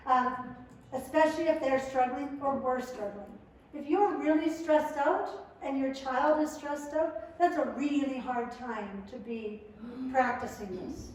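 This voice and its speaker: A middle-aged woman presenting a family skills workshop, talking in a lively, conversational way to a live audience and acting out the quotes. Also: high-pitched, slight background noise. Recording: echoey room, mic far off.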